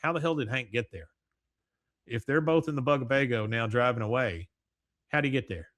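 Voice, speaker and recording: A man's voice: mid-range voice, fairly quick, fairly bright tone, no echo. Chatty male podcast host, casual recap delivery, dry close sound. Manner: chatty, laughs often, many "uh" fillers.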